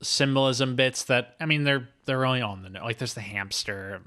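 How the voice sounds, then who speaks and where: A man's voice: medium pitch, normal speed, bright, forceful tone. A man hosting a podcast, chatting casually and eagerly retelling movie scenes. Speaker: podcast host. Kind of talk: casual movie-review chat.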